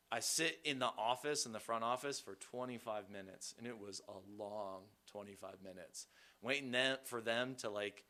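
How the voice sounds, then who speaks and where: A man with a bright, forward voice shares his recovery story with a group. He talks candidly and mocks himself, drifting loosely between thoughts with plenty of fillers. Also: mid-range voice. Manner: candid and self-deprecating; loose and rambling, many fillers. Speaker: recovery meeting speaker. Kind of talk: personal recovery testimony.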